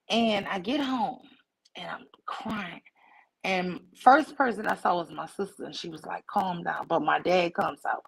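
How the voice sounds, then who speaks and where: A woman livestream host telling a personal story to her chat in a casual, animated way, acting out the voices in it. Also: mid-range voice, vocal fry, slightly rough, low-quality recording. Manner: animated, acts out quoted voices.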